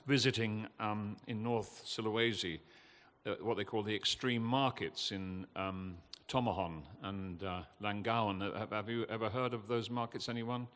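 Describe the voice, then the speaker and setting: An older man, giving an impassioned, earnest talk from a festival stage, halting with fillers now and then. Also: lowish voice, fairly even intonation, a bit bright. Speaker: guest speaker at a festival. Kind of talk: emotional public talk. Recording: long hall reverb.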